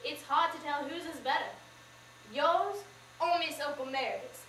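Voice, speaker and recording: A young woman voicing a polite, sly young male salesman who drawls slowly and hesitantly, recorded from far off in an echoey room. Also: sits high, a bit bright, a little hiss or hum.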